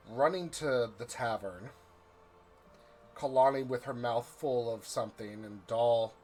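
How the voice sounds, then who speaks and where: A man narrating as game master of a tabletop game, drawing out his descriptions. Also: medium pitch. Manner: slow, drawn-out, vivid description.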